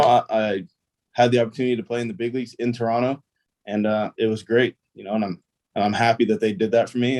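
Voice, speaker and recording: A lowish, darkish voice belongs to a young man who plays pro baseball. As an interview guest, he tells stories casually and rambles in an easygoing way, filling his speech with plenty of fillers.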